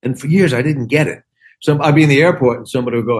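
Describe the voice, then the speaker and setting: A man's voice: mid-range voice, racing. A man in his sixties, a comedian and actor, chatting casually and acting out the back-and-forth of his stories. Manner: animated storytelling, acts out quoted exchanges. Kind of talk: casual chat.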